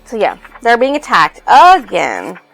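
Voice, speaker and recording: Gravelly-voiced woman recapping a book. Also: a little high, wildly swooping pitch, measured pace, fairly bright tone, dry recording, faint music behind, low-quality recording. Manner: rambling, loosely reads out quotes. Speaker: book reviewer.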